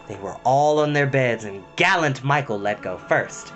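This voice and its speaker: A man reading a storybook aloud at bedtime, expressive and dramatic with a gentle touch. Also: medium pitch, moderate pace, few pauses, faint music behind.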